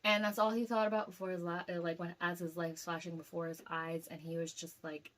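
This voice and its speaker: A young woman casually telling a dream to camera, rambling with lots of fillers and getting animated as the story goes. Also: lowish voice, quick pace. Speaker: vlogger recounting a dream.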